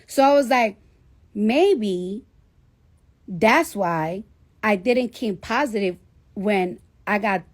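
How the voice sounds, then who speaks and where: A woman's voice: mid-range voice, slow, long pauses. A woman, telling a story in casual, profane chat and acting out the voices of the people in it. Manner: profane, animated, acts out quoted voices. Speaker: rapper telling a story to listeners.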